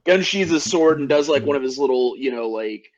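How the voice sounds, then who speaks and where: A man's voice: mid-range voice, animated, fairly quick, slight background noise. Casual man on a dull lo-fi mic. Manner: casual, hesitant describing. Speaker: player. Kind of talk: casual tabletop play.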